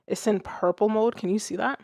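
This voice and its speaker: A woman's voice: medium pitch, steady tone, a little fast, vocal fry, a little mellow, no echo, clean studio sound. A young woman livestreaming from her music setup, chatting loosely, laughing and swearing casually. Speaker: music streamer.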